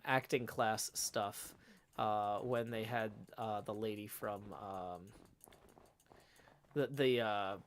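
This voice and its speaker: A man hosting a live stream in casual chat, rambling with many fillers and restarts. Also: lowish voice. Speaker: streamer host. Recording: loud guitar music behind.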